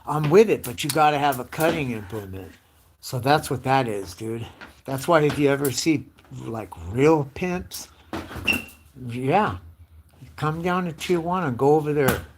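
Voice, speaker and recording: A man in his late forties rambles through a crude, profane rant, jumping from story to story. He keeps slipping into loud mimicked voices. A faint hiss of noise sits under the recording. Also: mid-range voice, a little slow. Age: 40s. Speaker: live streamer.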